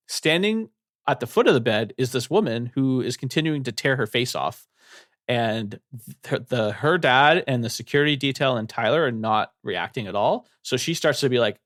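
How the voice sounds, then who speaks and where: A man's voice: mid-range voice, expressive, a little fast, a bit bright, no room sound, studio quality. A man co-hosting a book podcast, retelling a horror novel's plot loosely, with lots of fillers. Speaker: podcast co-host. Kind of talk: casual book discussion.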